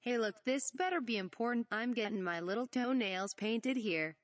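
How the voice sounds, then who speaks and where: A woman's voice: on the high side, animated, moderate pace, no room sound, lightly acted. A brash tough guy grumbles with irritation, as a woman puts him on. The recording is dry and close. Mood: irritated. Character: grumpy tough-guy man, short-tempered.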